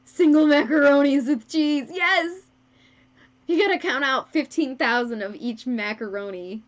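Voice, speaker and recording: A woman's voice: high-pitched, unhurried, highs cut off. A woman chatting casually with her live-stream viewers while she sews. She is giggly and self-deprecating and laughs often. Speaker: fursuit maker streaming live. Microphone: wrong microphone.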